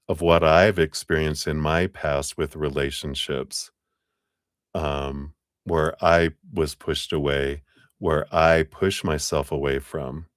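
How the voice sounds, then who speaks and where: A tarot reader with a very low, clean-toned voice gives a live reading for a client. He speaks casually and gently, rambling through his thoughts with lots of fillers, and the recording is dry with no room echo.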